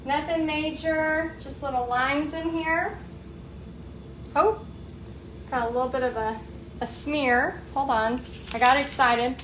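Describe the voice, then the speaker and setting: Chatty high-voiced woman painting. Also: steady tone, slow, long pauses, a bit bright. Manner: upbeat, chatty, talks to viewers as "y'all". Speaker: painting tutorial host. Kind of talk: live painting tutorial, chatty. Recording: echoey room, faint background noise.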